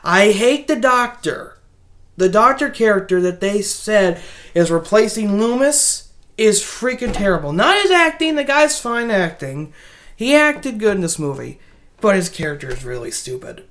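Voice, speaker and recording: A woman giving a casual spoken movie review, rambling and animated, with many restarts. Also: mid-range voice, unhurried.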